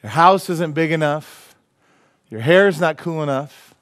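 A man's voice: a little high, unhurried, a bit bright. Joking, laughing male pastor preaching. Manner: joking, laughs at his own jokes. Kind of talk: sermon. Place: church sanctuary.

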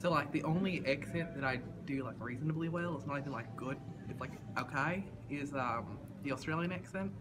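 A man's voice: a little high, brisk. A man from the Boston area chatting casually in a rambling, filler-heavy, self-deprecating way. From Massachusetts, Boston area. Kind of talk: casual chat. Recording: loud background noise.

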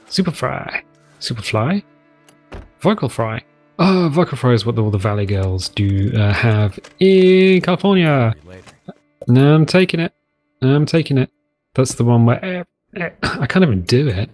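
Male gaming host, mid pitch, lively and rambling, casual commentary. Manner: chatty, jokey, rambling asides. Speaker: let's play host.

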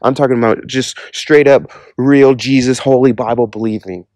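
A man speaks in a mellow, warm voice, recorded dry and close with no room sound. He delivers an earnest personal testimony in a loose, conversational way, leaning on casual fillers as he talks. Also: mid-range voice, steady tone, normal speed, no room sound. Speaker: Christian speaker giving a testimony.

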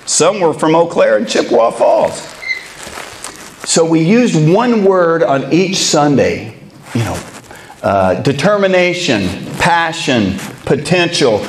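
High-voiced man telling a comic story. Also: slow pace, a little hiss or hum. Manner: animated, comic storytelling with quoted dialogue. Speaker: baseball pitching coach. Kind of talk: motivational keynote storytelling.

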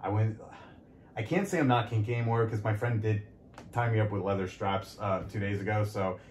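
A man with a fairly low voice chats frankly as a podcast guest. He rambles and corrects himself often, leaning on fillers. The sound is roomy and echoey, with a faint hiss under it. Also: brisk, a little mellow. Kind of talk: casual frank conversation. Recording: echoey room, light background noise.

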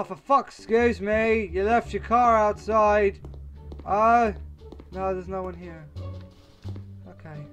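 A young man commentating a video game, swearing and exclaiming as he rambles along. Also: sits high. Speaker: gamer. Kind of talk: let's play commentary.

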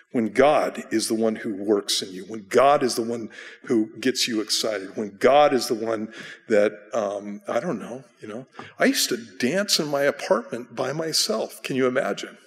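A man of middling pitch teaches in a church, chatty and self-deprecating, with frequent restarts. His voice rings out in a long hall reverb. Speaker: pastor. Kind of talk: conversational Bible study teaching. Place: church sanctuary.

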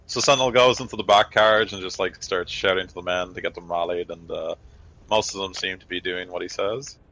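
Deep-voiced male game master. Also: steady tone, fairly quick, bright, forceful tone, poor audio. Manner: loose, filler-heavy narration. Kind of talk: narrating a tabletop game.

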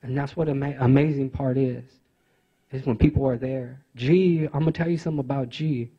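A man giving a speech at a conference, telling personal stories in an earnest, halting way with many fillers and restarts. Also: mid-range voice, steady tone, breathy edge, dull audio. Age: adult father of teenage sons. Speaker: conference speaker.

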